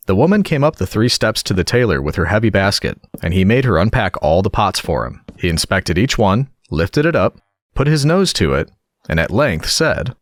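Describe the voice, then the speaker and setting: Relaxing storybook narrator, man, low and expressive. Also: normal speed, no echo, studio quality. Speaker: audiobook narrator. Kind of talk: storybook reading.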